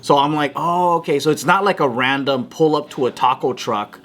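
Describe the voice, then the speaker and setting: A man's voice: a little high, moderate pace, fairly bright tone. A married man talking in casual comedy panel chat, rambling with lots of filler words.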